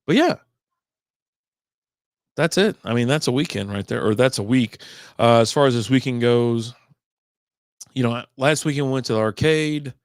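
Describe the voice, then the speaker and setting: A middle-aged man hosts a casual beer livestream from home. He rambles and swears freely at an ordinary pitch. His voice sits close and dry on the mic. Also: expressive, moderate pace, long pauses, dry recording. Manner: rambling, profane, chatty. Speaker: beer podcast host.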